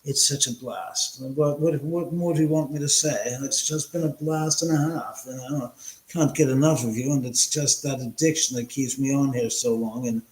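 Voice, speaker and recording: A man's voice: mid-range voice, fairly even intonation, normal speed, echoey room, rough recording. A man hosting a casual livestream, chatting with viewers in a rambling, joking way with crude banter. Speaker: livestream host. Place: room in a house.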